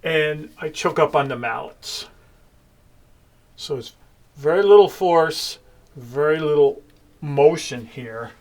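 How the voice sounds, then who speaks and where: A man giving a calm, explanatory gong lesson, talking in short phrases between strokes. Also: on the high side. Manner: calm, explanatory, with many pauses while playing. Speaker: gong teacher. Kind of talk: demonstration lesson.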